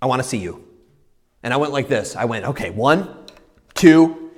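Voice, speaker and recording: A man preaching a sermon, telling his own conversion story with animated delivery and quick restarts. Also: on the high side. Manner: animated storytelling, acting out his own past panic and excitement; frequent self-interruptions and quick restarts. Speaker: pastor. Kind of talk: sermon with personal testimony.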